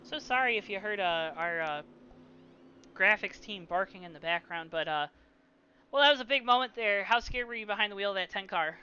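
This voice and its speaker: A man calling a simulated stock car race as play-by-play commentator, lively with joking asides. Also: sits high, fairly quick, clear, resonant tone, dull audio. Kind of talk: sim racing commentary.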